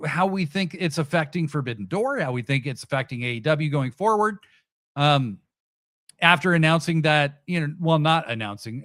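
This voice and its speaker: A man's voice: on the high side, a bit bright, dry recording, clean studio sound. A middle-aged man hosting a podcast, chatting casually and sarcastically with many fillers and restarts. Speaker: podcast host. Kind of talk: casual livestream chat, reading chat comments.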